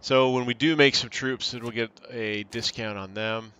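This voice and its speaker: A man's voice: medium pitch, fairly even intonation, measured pace, sharp tone, clean tone. A man casually commenting on a strategy game as he plays, thinking aloud and reading out options from the screen. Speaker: gaming channel host. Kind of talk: casual let's-play commentary.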